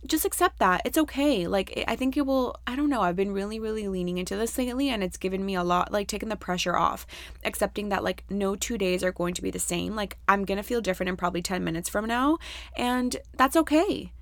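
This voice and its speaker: Candid, chatty young woman podcaster with vocal fry. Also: mid-range voice, quick pace, dry recording. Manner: chatty, candid, swears freely, many fillers. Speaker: podcast host. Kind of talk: casual solo podcast talk.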